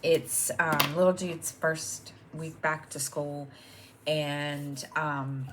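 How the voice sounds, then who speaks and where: A woman's voice: sits low, flat delivery, drawn-out words, noisy background. A middle-aged woman chatting casually at home as host of her own stitching channel, rambling with many ums and restarts. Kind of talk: casual chat to camera.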